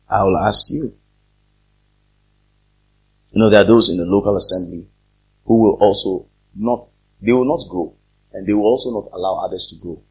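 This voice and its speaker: A man, a pastor, preaching a sermon to his congregation, reading scripture and then speaking to them directly with pointed questions and loud, emphatic peaks. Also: fairly low pitch, husky. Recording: dull lo-fi sermon recording.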